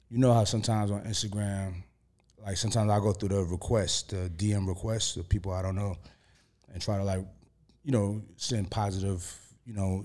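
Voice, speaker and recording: Laid-back low-voiced man telling stories. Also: a little mellow. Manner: laid-back, profane, many fillers like "you know what I'm saying". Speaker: interview guest. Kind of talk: casual storytelling.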